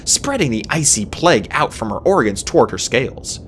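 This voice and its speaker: A woman narrating a fantasy audiobook in an expressive storybook style. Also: moderate pace, a little hiss or hum. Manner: expressive, swings pitch widely.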